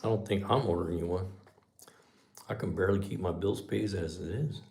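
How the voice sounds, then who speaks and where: A man's voice: sits low, fairly quick, a little mellow. A man, from Southern California, hosting a casual livestream chat in a rambling, laid-back way. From Southern California, USA. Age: 60s. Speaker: livestream host.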